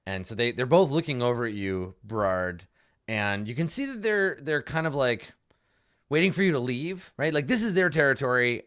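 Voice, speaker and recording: A man's voice: on the low side, fairly bright tone, no echo, clean studio sound. A young man narrating as game master, rambling with restarts and explaining the scene.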